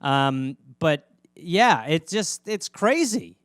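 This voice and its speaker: High, smooth-voiced man rambling casually. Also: very animated, a bit bright, dry recording, studio quality. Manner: rambling, joking, does quick squeaky voices for pets. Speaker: podcast host. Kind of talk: casual solo podcast chat.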